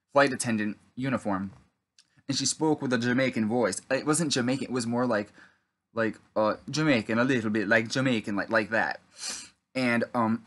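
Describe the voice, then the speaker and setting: A man telling about a dream in a halting, rambling monologue, full of fillers and throat clearing, then preaching earnestly. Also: medium pitch, a bit bright. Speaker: vlogger recounting a dream.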